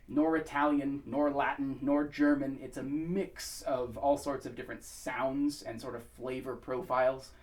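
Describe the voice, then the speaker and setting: A man's voice: mid-range voice, darkish tone, distant mic. American man explaining pronunciation, off mic. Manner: thoughtful, many ums and uhs, sings short vocable demonstrations. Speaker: pronunciation instructor. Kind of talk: relaxed spoken tutorial.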